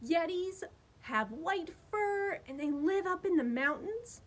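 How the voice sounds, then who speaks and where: A woman's voice: very high-pitched, expressive, slow pace. A woman, a children's librarian, reading a picture book aloud at storytime in a sing-song voice made big for young listeners.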